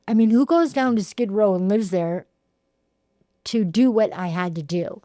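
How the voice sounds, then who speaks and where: A woman, telling her recovery story in a halting way with repeated words and fillers. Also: medium pitch, warm tone, no room sound, clean studio sound. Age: 60s. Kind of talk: heartfelt personal testimony.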